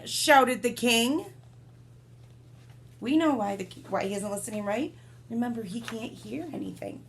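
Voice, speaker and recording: A woman's voice: high voice, unhurried. A woman reading a picture book aloud, with sound effects and little asides to her listeners. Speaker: storyteller.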